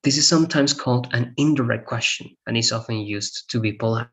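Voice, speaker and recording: A man's voice: mid-range voice, fairly quick. Man teaching grammar, asking "right?". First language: Spanish. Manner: explains step by step, checks in with "right?" often. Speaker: English teacher. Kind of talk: online grammar lesson.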